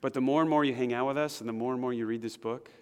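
A male pastor delivering a sermon with fervor, his mid-range voice climbing to forceful emphasis and sinking to quiet, prayerful tones. His words carry through the long reverb of a church sanctuary. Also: medium pitch, fairly even intonation, racing, clean tone. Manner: impassioned, swinging from loud emphatic build-ups to hushed prayer.

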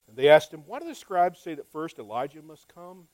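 A man's voice: fairly high pitch, sing-song, brisk, darkish tone, no room sound, poor audio. A male pastor preaching a conversational sermon to his church, often asking rhetorical questions and repeating words.

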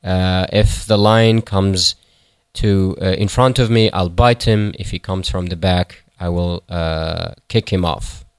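A strong female mule from an old folktale, as a storyteller puts her on talks in a blunt, confident and protective way. The voice is deep and smooth, and the recording is close and dry. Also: fairly even intonation, takes it slowly, dry recording.

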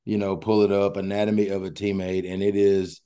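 A coaching podcast host with a fairly low voice. His tone is mellow and warm. He talks in an encouraging way and often answers with short affirmations. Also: completely flat delivery, brisk, clear, resonant tone. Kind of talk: interview chat.

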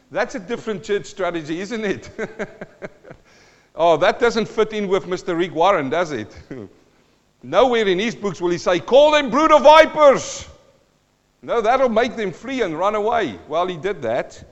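A man's voice: lively intonation, a little slow. Emphatic preacher man in a reverberant hall. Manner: emphatic, with big swings in loudness and pitch; wry, teasing asides. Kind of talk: sermon. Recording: long hall reverb, dull lo-fi sound.

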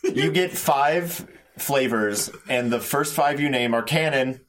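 A man's voice: medium pitch, slow pace, fairly bright tone. A young man in a casual comedy chat, curious and steering the joke along. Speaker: podcast co-host. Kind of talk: casual group banter.

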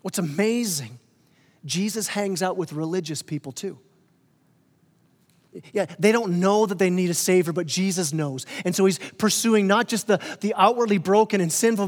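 A male pastor delivers a sermon in a conversational, joking way. His voice sits high for a man. The long reverb of a church hall rings around each phrase. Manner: conversational, playful, acts out quoted characters. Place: church sanctuary.

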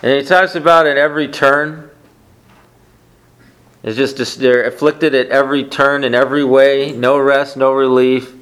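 A man's voice: medium pitch, steady tone, normal speed, fairly bright tone. A man preaching a conversational sermon, often asking the congregation questions. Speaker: pastor.

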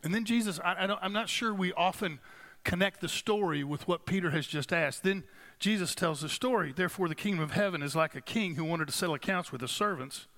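A man pastor preaching a sermon in a conversational, emphatic way, slowing down to stress key phrases. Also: sits high, fairly bright tone.

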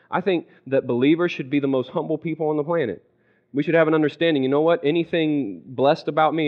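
High-voiced emphatic male preacher. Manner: emphatic, repeats key phrases, slows for scripture. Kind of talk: sermon. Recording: dull lo-fi recording.

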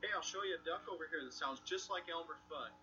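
An actor playing a prankster man in a sitcom, talking in a gravelly, jokey way. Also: on the high side, quick pace, lightly acted. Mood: joking. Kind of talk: sitcom acting. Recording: distant, lo-fi TV audio with background noise.

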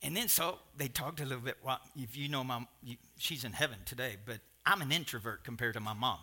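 Older guy preaching, super bright tense voice, rambles into asides. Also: mid-range voice, fairly quick, husky. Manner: rambling, animated, with asides and restarts. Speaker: pastor. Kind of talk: sermon storytelling.

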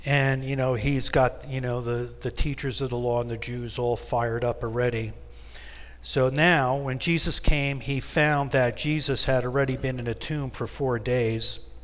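A man's voice: medium pitch, fairly even intonation, unhurried. A man leading a Bible study, reading scripture aloud and explaining it with casual asides. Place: church. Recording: long reverb in a church hall.

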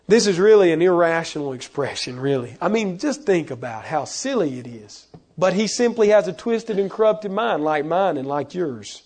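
Man, pastor, sermon, high voice, animated, acts out quotes. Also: moderate pace.

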